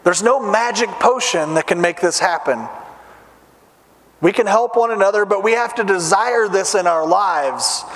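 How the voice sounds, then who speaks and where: Man, middle-aged, preacher, sermon to dads, earnest questioning, high voice, long hall echo. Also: measured pace, fairly bright tone. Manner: earnest, posing direct questions to the audience. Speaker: preacher addressing fathers. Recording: long reverb of a large hall.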